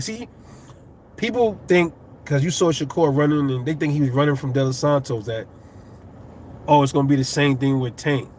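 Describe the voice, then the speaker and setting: A man's voice: on the high side, slight background noise. A middle-aged man with a New York accent, giving loose, profane boxing commentary on his channel, rambling and getting heated. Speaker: boxing YouTuber. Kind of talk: casual fight commentary.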